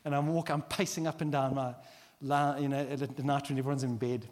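A middle-aged man preaching a sermon as pastor, animated and acting out quoted prayers. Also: mid-range voice, brisk. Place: large church hall. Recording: long hall reverb.

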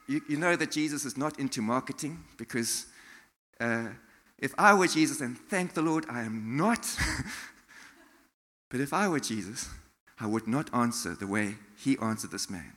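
A man from South Africa preaching a sermon in a church, animated, acting out quotes and laughing often. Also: a little high, normal speed. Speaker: pastor. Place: church hall. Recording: long hall reverb.

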